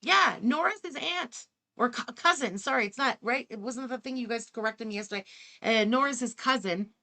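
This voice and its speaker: A woman's voice: a little high, normal speed, gravelly, pushed and bright. A woman hosting reaction commentary, talking in an incredulous, sarcastic way and swearing freely. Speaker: commentary host.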